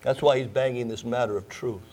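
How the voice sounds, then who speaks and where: A man's voice: medium pitch, steady tone, fairly quick, darkish tone. A man preaching a sermon, emphatic, repeating key phrases and asking rhetorical questions. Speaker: pastor.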